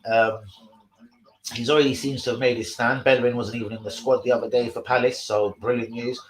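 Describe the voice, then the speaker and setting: A man hosting a casual live stream, sweary and excitable, talking to his chat about football. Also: mid-range voice, fairly quick, echoey room, poor audio.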